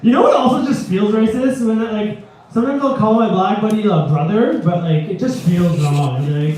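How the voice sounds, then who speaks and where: A man's voice: sits high, fairly quick, dark tone, a little hiss or hum. A young man doing crude, provocative stand-up and teasing the audience at a small comedy venue. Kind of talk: stand-up crowd work. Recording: echoey club from a distance with crowd.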